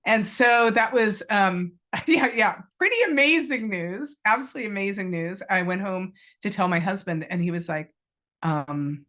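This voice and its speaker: A woman's voice: medium pitch, expressive, moderate pace, fairly bright tone. A woman in her fifties, a cancer patient, telling her personal story in an interview in a candid, reflective way, with many ums. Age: 50s. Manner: candid and reflective, with frequent fillers.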